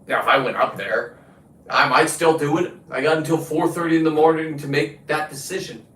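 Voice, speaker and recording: A man's voice: a little high, fairly even intonation, brisk, a bit bright. A man hosting his own show, delivering a combative, boastful, profane rant. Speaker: show host. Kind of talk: profane ranting monologue. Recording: roomy, distant from the mic.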